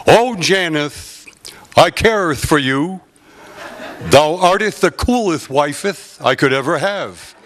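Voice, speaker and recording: A man in a church skit playing a husband who woos his wife in pompous, drawn-out mock olde English. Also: fairly high pitch, animated, fairly bright tone. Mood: mock-romantic.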